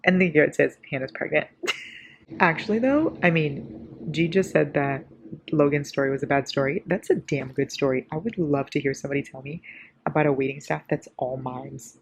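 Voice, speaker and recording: A woman's voice: low voice, normal speed, rough recording. A sleep-deprived woman chatting about a book she's reading, casual and profane, laughing often. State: sleep-deprived, a little delirious. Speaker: book vlogger. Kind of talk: casual reading-reaction vlog. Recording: audible background noise.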